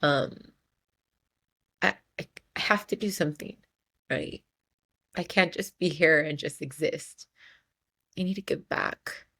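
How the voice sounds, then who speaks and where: Her voice is deep and a bit bright, and she takes it slowly with frequent pauses. A young adult woman hosting her podcast alone, she speaks tearfully from the heart, repeating and restarting her words.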